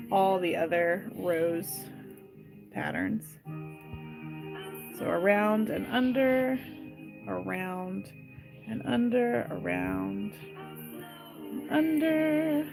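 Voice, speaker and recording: A jewelry maker runs a live craft tutorial on wire wrapping, her medium-pitched, gravelly voice animated yet slow, with frequent pauses. She chats her way through each step without hurrying, reading and replying to viewers' comments between steps. Music plays behind her on a rough recording.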